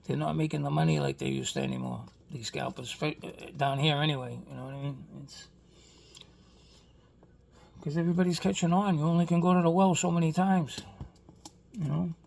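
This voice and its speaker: Gravelly-voiced Boston man, chatty vlogger who rambles with lots of "you know what I mean.". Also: medium pitch, darkish tone, a little hiss or hum. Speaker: toy car customizer vlogger. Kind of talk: casual rambling vlog chat.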